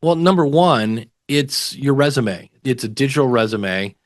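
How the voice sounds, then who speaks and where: A middle-aged man, a podcasting teacher, telling stories in a lively way as a guest in a casual interview. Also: mid-range voice, measured pace, no echo, studio quality. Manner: animated storyteller.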